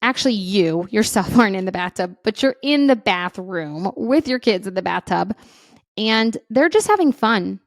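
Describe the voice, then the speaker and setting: A woman, a parenting educator, talking casually to parents and checking in often with a quick question. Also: medium pitch, expressive, no echo, clean studio sound. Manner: conversational, often checks in with "right?"; acts out feelings and inner voices. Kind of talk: casual advice talk.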